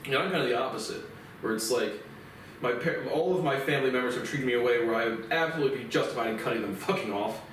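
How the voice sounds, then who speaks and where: A man's voice: mid-range voice, fast, a bit bright, a little hiss or hum. A man giving a profane, rambling and indignant solo commentary. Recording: very echoey room, mic far off.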